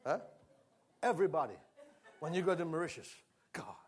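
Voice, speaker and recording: Preacher, man, high voice, talks to the congregation in a sermon, then leads loud fervent worship. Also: expressive, fairly quick, breathy edge. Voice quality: speaks in tongues during worship. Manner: conversational, quiet teaching building to loud fervent worship leading.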